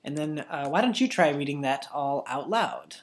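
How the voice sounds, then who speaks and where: A woman teaching a children's language lesson, patiently slowing words down for pupils to repeat. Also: low-pitched, expressive.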